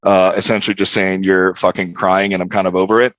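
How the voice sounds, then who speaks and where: A young man with a lowish, dry voice tells a story on a podcast, candid and wry, swearing freely. The sound is a little dull and lo-fi. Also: level tone, a little fast, fairly bright tone, no echo. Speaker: podcast guest. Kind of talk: casual storytelling.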